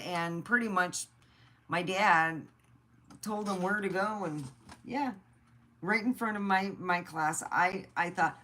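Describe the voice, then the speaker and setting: A woman's voice: mid-range voice, a bit bright. A middle-aged woman from the United States telling personal stories in a blunt, chatty way and swearing freely. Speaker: vlogger. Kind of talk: casual storytelling.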